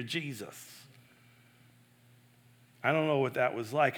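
A man preaching a sermon in an earnest, emphatic way. He swings between loud stresses and soft, hushed asides. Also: fairly high pitch, expressive, takes it slowly, pauses often. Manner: self-correcting, personal and earnest.

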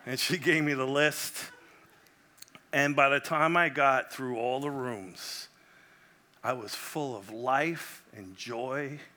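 Preaching as a visiting pastor, a middle-aged man from Puerto Rico delivers a passionate sermon that swings between loud exclamations and hushed prayer. He speaks slowly in a mid-range voice.

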